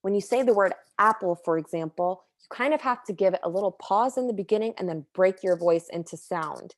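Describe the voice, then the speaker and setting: A young woman giving a casual tutorial on letter sounds, relaxed and chatty, often pausing to correct herself. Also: medium pitch, no echo, clean studio sound. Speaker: Quran recitation teacher.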